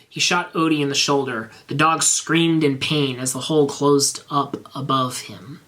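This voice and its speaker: A man reading bad fan fiction aloud in a measured, straight-faced narration. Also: medium pitch, steady tone, bright, forceful tone.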